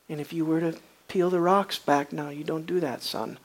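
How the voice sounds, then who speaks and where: A preacher in the middle of a sermon, sinking to soft, low-pitched stretches and then climbing to loud, emphatic peaks. The pitch sits in the middle range, and the talk keeps circling back to rhetorical questions for the congregation. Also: a little fast.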